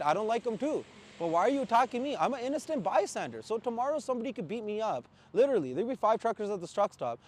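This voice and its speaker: A man's voice: sits high, darkish tone. A man from Canada, a truck driver, ranting in blunt, profane casual talk with angry outbursts. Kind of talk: heated casual rant.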